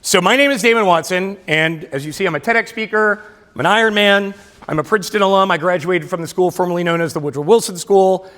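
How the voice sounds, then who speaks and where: A man's voice: high voice, fast, fairly bright tone. A middle-aged man giving a keynote speech in a self-deprecating storytelling way. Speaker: keynote speaker. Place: large hall at a luncheon. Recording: long hall reverb.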